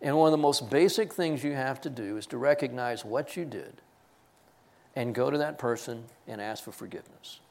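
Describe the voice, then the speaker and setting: A man's voice: mid-range voice, normal speed, creaky, a little mellow. A man preaching a sermon, telling stories with laughs and quoted voices. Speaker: pastor.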